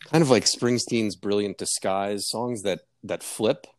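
A man co-hosting a casual music podcast, explaining his views in a measured, hesitant way. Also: lowish voice, no echo. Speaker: podcast co-host.

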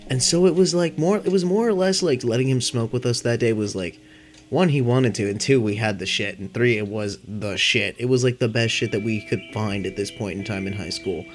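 A man's voice: medium pitch, brisk. A stoned young man hosting a podcast, rambling loosely through a casual story, swearing often. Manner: rambling and laid-back, heavy swearing. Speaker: podcast host. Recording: clear music playing behind. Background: guitar music.

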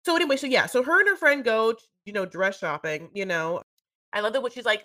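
A woman's voice: medium pitch, expressive, fast, bright, forceful tone. A woman co-hosting a podcast, chatting gossipily about a reality show and acting out the people in it. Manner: chatty, gossipy, acts out quotes. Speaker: podcast co-host. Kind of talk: casual chat recapping a reality show.

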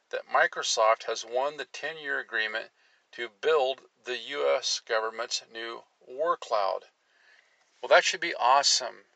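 A man with a gravelly, creaky voice and a tense, sharp edge, hosting a commentary show. He reads articles aloud and keeps interrupting them with sarcastic remarks, his pitch leaping when he gets worked up. The recording is dry and close. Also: no room sound, rough recording. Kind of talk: opinionated political commentary, reading articles aloud.

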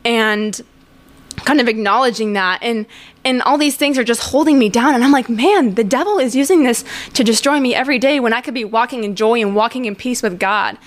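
Chatty young woman, slightly high voice. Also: fairly quick. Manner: rambling and candid, heavy use of "like". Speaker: podcast host. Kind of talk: casual monologue.

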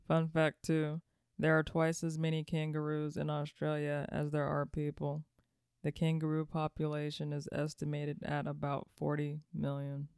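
A woman's voice: low voice, completely flat delivery, moderate pace, creaky, a little mellow, smooth, no echo, studio quality. A woman co-hosting a podcast in casual chat, reading out fun facts with wry remarks. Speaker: co-host.

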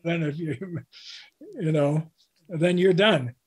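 A man's voice: a little high, slow, husky. An older man from Canada, a guest author, telling anecdotes in an interview and quoting people along the way. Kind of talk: interview storytelling.

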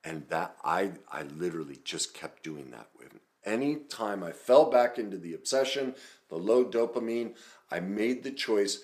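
A man's voice: fairly low pitch, lively intonation, unhurried, darkish tone. A middle-aged man, a self-help coach, talking earnestly and emphatically in a video, sharing his own story.

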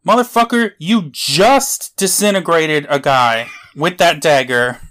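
A man's voice: on the high side, animated, slow pace, a bit bright. A young adult man co-hosting a podcast, riffing on a story with jokes and laughter. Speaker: podcast co-host. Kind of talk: casual banter.

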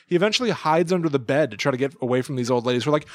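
A man's voice: mid-range voice, very fast, dry recording, studio quality. A man co-hosting a podcast, animatedly retelling a cartoon in casual chat full of "like". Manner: animated retelling with lots of likes. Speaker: podcast co-host.

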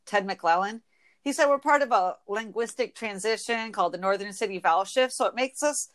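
A woman in her twenties from Michigan with an Inland North accent, chatting casually as a podcast host, a bit nasal and quick to laugh. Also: medium pitch. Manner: chatty, laughs often, quick when excited. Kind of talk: casual chat.

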